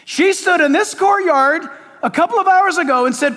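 Male pastor, impassioned sermon, rhetorical questions, high voice, long reverb. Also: a little slow. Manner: impassioned, rhetorical questions, swings from loud to quiet. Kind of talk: outdoor sermon.

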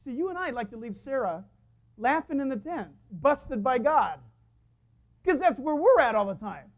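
A man preaching a sermon as a pastor, telling stories in an animated way and acting out the voices of the people he quotes. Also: extremely high pitch, normal speed. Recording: dull lo-fi sound.

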